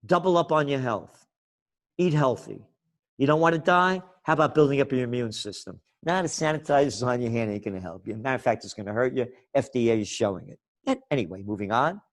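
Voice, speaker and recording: A man's voice: medium pitch, animated, a little fast. A man speaking as a podcast guest in a fiery, ranting, sarcastic way. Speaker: guest, trends forecaster. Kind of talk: impassioned podcast interview.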